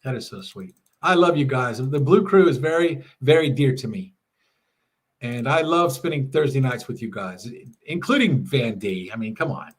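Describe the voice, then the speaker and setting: A man's voice: mid-range voice, expressive, moderate pace. A middle-aged man hosting a casual livestream, chatting with viewers and reading their messages aloud with frequent laughs. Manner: chatty, laughs often, reads chat aloud. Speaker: livestream host. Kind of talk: casual live chat reading. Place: home RV.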